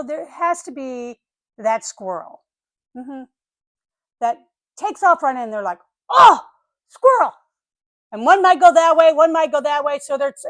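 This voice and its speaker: An older woman chatting casually on her vlog, telling a story in an animated way and acting out the voices of the people and animals in it. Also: high-pitched, dry recording. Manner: animated, acts out voices of dogs and neighbors. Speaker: vlogger.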